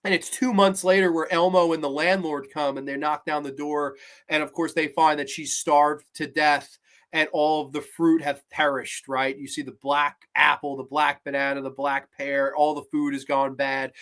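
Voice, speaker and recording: Male horror-review host, high voice, excitable, swears a lot, loose livestream chat. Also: moderate pace. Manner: excitable, profane, laughing often; reads viewer comments aloud.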